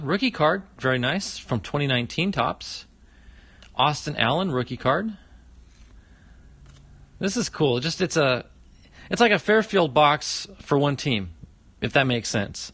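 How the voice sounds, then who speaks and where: A man's voice: fairly high pitch, sing-song, a little slow, long pauses, a bit bright, no echo. A middle-aged man hosting a casual livestream, opening fan mail, chatty and exclaiming often.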